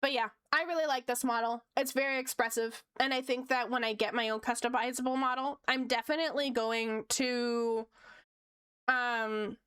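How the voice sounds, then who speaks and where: A woman's voice: fairly high pitch, steady tone, normal speed, a bit bright, clear, resonant tone, dry recording. Chatty giggly woman streamer, close and dry. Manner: chatty, giggly, reads and answers chat. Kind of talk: casual live-stream chat.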